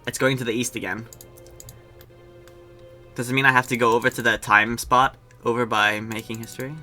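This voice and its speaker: A man's voice: mid-range voice, little pitch movement, fairly quick, bright, forceful tone, faint music behind. A young man giving casual, jokey gameplay commentary as a streamer, chatting with his viewers. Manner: chatty, jokey, talks to chat. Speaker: game streamer.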